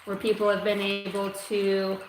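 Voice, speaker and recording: A woman's voice: mid-range voice, completely flat delivery, unhurried. Woman psychic reader, casual and foul-mouthed, rambling livestream delivery, roomy echo. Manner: casual, profane, rambling with many fillers. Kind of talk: livestream channeled oracle reading. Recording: echoey room with faint ambient noise.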